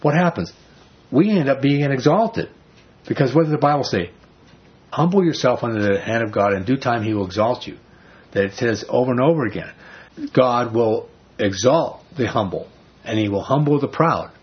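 Guy preaching a loose, chatty sermon, mid-pitched voice, kinda dull lo-fi sound. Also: moderate pace, husky. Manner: casual, chatty preaching with frequent asides. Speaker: pastor. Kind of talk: conversational sermon.

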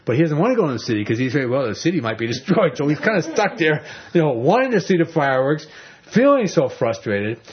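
Husky man teaching a Bible passage. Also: a little high, quick pace. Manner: animated storytelling, repeats words. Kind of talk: casual sermon. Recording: dull lo-fi recording.

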